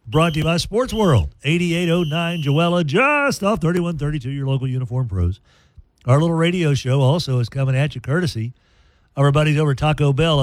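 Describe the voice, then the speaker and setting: A man's voice: medium pitch, no echo. Chatty man on sports radio. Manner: chatty, folksy, animated storytelling. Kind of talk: casual sports radio talk.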